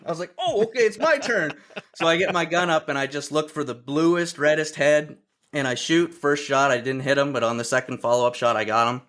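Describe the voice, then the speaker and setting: A man from Ontario speaking over a video call at a middling pitch. He tells hunting stories in a relaxed, chatty way. He slips into the voices of the people he is quoting. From Ontario, Canada. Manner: lively storyteller who acts out other people's quotes. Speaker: podcast guest. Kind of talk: casual hunting storytelling.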